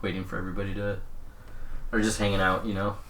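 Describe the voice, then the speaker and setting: A man's voice: sits low, little pitch movement, fast talker, a bit bright, slight background noise. A man casually describing his character's actions in a tabletop game, easygoing with fillers. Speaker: player.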